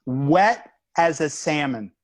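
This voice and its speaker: Animated male comedian telling a story. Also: fairly high pitch, slow. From United States. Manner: animated storyteller, acts out voices and punchlines. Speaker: guest comedian. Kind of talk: casual storytelling chat.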